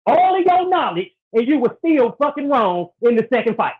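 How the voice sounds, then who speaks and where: Blunt needling man, husky voice. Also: extremely high pitch, sing-song, moderate pace, narrow, tinny audio. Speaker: guest debater. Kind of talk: heated casual debate.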